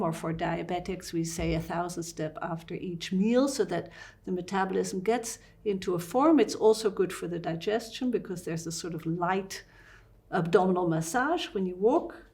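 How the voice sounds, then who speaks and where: A woman fasting doctor with a Dutch accent, explaining fitness and breathing in an interview with lively asides. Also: on the low side.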